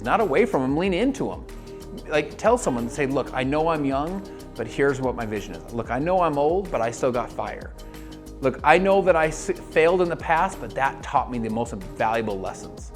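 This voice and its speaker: Man, motivational network marketing coach, direct-to-camera, energetic, faint music under. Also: fairly high pitch. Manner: energetic, talks straight to the viewer, full of quoted voices. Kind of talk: motivational video talk.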